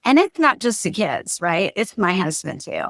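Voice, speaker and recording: A marriage coach tells stories in a casual podcast chat, animatedly acting out the lines of the people in them. Her mid-range voice is creaky and moderately paced, recorded clean in a studio with no room sound.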